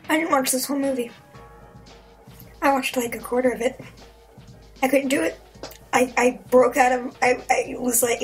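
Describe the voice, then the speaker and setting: A young woman rants through a movie review in a sarcastic, rambling way, swearing freely and jumping into quick impressions of the characters. Her voice sits a little high, and faint music plays underneath. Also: rough recording. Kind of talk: casual profane movie review rant.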